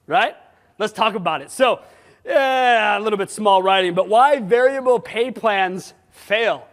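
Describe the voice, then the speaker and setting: A man giving a conference talk, blunt and animated, throwing rhetorical questions at his audience. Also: high voice. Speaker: sales management conference speaker. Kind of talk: conference presentation. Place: conference hall. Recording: long hall reverb.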